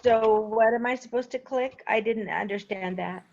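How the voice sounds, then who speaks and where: A woman's voice: a little high, normal speed, a little mellow. A woman learning the steps in a casual video call, asking questions and checking each step. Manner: questioning, asks to have steps repeated. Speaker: trainee. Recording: muffled call audio with faint noise.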